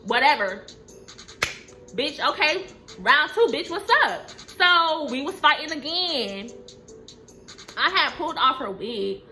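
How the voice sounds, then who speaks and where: A young woman telling a storytime vlog in a blunt, profane, animated way. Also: high voice, slow pace, faint music behind. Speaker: vlogger.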